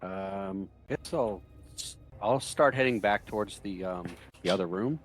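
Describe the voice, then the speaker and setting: A man taking his turn in a tabletop game, his voice on the low side. He sounds unsure, hedging his choices and dropping mumbled fillers between words. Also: measured pace, soft background music, rough recording. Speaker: player. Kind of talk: casual tabletop play.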